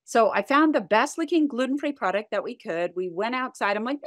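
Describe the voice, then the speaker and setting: A woman's voice: on the high side, lively intonation, a little fast, no room sound, clean studio sound. A middle-aged woman, a company founder, telling her story in an interview and acting out the lines she quotes. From United States and Canada.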